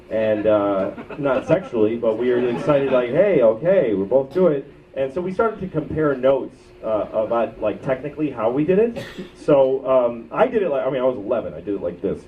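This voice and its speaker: A man doing a stand-up comedy set in a club, rambling through crude, self-mocking stories. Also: mid-range voice. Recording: muffled bootleg audio from far off, with crowd and noise. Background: audience laughter.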